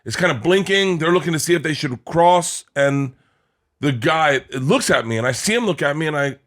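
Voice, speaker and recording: A man's voice: fairly high pitch, animated, moderate pace, fairly bright tone. Middle-aged male host, loose rambling storyteller, salty language, frequent laughter. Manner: rambling storyteller, swears freely, laughs often. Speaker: podcast co-host. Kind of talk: casual chat.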